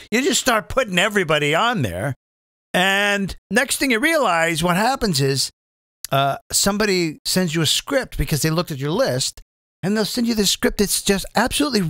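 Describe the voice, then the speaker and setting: Lively, bright-voiced middle-aged male comedian. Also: on the high side, no room sound, clean studio sound. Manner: chatty, self-mocking, with quick asides and laughs. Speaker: comedian and impressionist hosting a live show. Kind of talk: casual rambling monologue.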